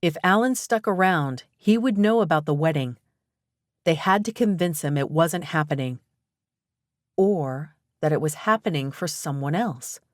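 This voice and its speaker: A woman narrating a romantic comedy audiobook in an even, measured storytelling manner. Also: sits low, no echo, clean studio sound. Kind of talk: scripted narration.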